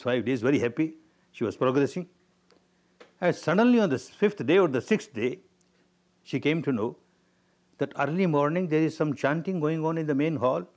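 A man leads a spiritual meditation talk at a medium pitch. He tells stories along the way and stresses his points by repeating key words. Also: darkish tone. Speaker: meditation teacher. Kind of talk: spiritual discourse with storytelling.

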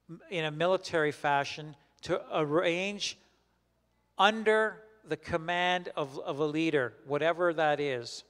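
A man leading a Bible study as a pastor, teaching in a conversational, halting way with many restarts and questions put to the group. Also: fairly high pitch, fairly bright tone, smooth, big-room sound. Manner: questions the group and repeats their answers.

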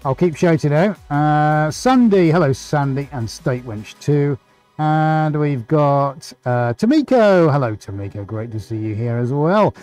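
A man's voice: a little high, lively intonation, measured pace, a little mellow, soft background music. A man hosting a painting live stream, chatting casually and reading out greetings to viewers. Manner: chatty, reads out viewer greetings with small restarts.

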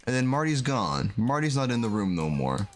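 A man casually commentating a game he is playing, animated and exclaiming as he reacts. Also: medium pitch, normal speed, a little hiss or hum. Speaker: gaming video host. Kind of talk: casual let's-play commentary.

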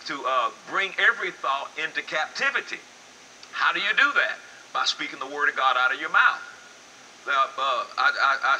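An older man delivers a sermon. His voice is very bright and forward, and he swings from low, hushed lines to loud, high-pitched exclamations. A faint noise sits under the recording. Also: poor audio. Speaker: pastor.

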